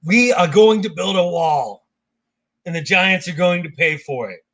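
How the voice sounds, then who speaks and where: A man doing a deliberately bad, slowed, emphatic impression of a boastful male politician. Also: high voice, expressive, fairly bright tone, pitched above the performer's own voice, exaggerated voice.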